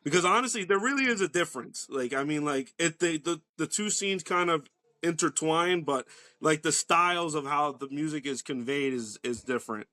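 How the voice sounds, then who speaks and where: A man's voice: a little high, normal speed, bright, forceful tone, no room sound. A man chatting casually as a podcast guest, rambling loosely with lots of "like" and swearing.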